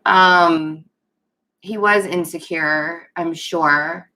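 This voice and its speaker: Woman tarot reader, casual chatty delivery, bright tone, giggly and apologetic, wanders off track. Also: on the low side, steady tone, drawn-out words. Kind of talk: casual live tarot reading.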